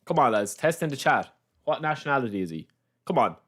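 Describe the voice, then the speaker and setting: While streaming a football game, a man with a mid-range, sing-song voice talks fairly quickly in casual banter. He teases chat, calls them all lads, and rambles with plenty of repetition.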